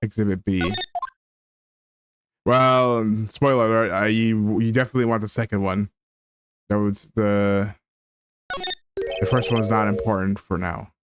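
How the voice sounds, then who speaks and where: A man's voice: fairly low pitch, steady tone, unhurried, long pauses. A man streaming a game with rambling, joking commentary. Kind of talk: gameplay commentary. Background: game music.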